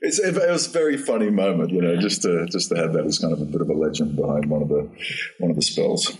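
Male actor, low voice, rambling storyteller with restarts, heard from a distance. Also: fast talker, darkish tone. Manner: rambling, repeats words and restarts, laughs at his own story. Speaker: actor guest. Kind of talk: storytelling anecdote in an interview. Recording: distant from the mic.

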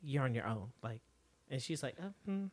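A woman co-hosting a casual recap podcast, walking through scenes and quoting what the characters said. Her voice is very low, but her pitch swings widely as she tells it. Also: animated, normal speed. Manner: retells scenes by quoting characters, with fillers and laughs. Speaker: podcast co-host.

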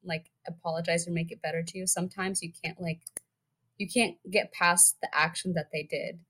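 A woman's voice: on the low side, flat delivery, moderate pace, a bit bright. A woman co-hosting a casual book podcast who talks loosely, with lots of "like" in her sentences. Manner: chatty, says "like" a lot. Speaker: podcast co-host.

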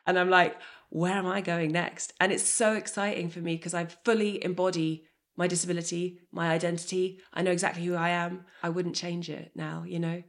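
A woman's voice: lowish voice, brisk, few pauses. A woman in her thirties, a guest, talking candidly and with energy in a conversation, now and then swearing. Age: 30s. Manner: energetic and emotionally open, swears.

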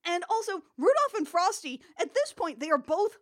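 A woman's voice: very high voice, sing-song, normal speed. A woman co-hosting a casual movie-review chat, retelling the plot in a wry, sarcastic way. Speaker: podcast co-host.

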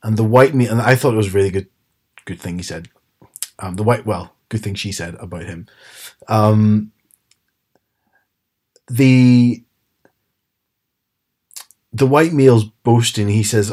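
A man's voice: fairly low pitch, unhurried, long pauses, a little mellow, husky. A man chatting casually as a podcast co-host, retelling TV scenes with quoted lines. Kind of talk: casual chat.

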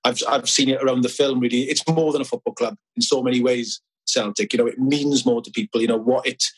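A man's voice: medium pitch, steady tone, fast talker, husky, low-quality recording. A middle-aged man from Wales, a filmmaker guest chatting casually in an interview, telling anecdotes with many restarts.

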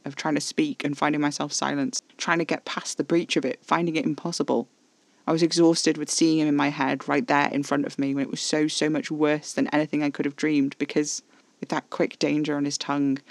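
A man reads first-person horror fiction in a low, intimate hush, keeping his delivery even and flat. His voice sits somewhat high and has a gravelly edge. The recording is close and completely dry. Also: no room sound. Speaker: narrator.

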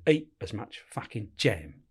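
Lively sweary man telling stories. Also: on the low side, normal speed, a little hiss or hum. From England. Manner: swears constantly, animated, laughs while telling. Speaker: former prison officer, guest. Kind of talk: casual storytelling with acted-out dialogue.

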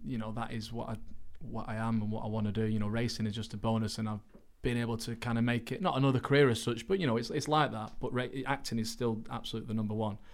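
Male podcast guest, quick and earnest, rambles with restarts, mid-pitched. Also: steady tone. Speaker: podcast guest, actor and racing driver. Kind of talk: casual interview chat.

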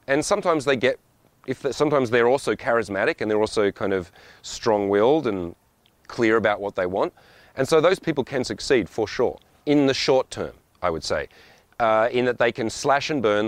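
A man with a lowish voice, delivering a blunt, profane monologue that wanders into asides. He talks casually and directly. The sound is dry and close. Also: no room sound.

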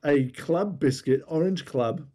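A man's voice: on the high side, a little slow, warm tone. A British man co-hosting a casual podcast, telling stories in an easygoing, wry way. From Britain. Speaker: podcast co-host. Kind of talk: casual chat.

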